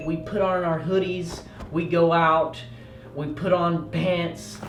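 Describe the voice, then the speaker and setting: A young man hosting a comedic story time, animated and quick to yell out loud bits. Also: fairly high pitch, distant mic. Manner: animated, yelling out quoted lines and rushing through bursts. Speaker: storytelling host. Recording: roomy echo, off-mic, faint music.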